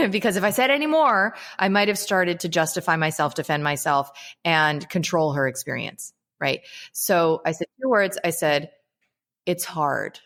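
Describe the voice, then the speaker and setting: Woman, interview guest and author, earnest and reflective, slightly low voice. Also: lively intonation, normal speed, fairly bright tone. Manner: earnest, frequent "you know" and "right?" asides. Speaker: guest, holistic psychiatrist and author. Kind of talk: casual reflective interview talk.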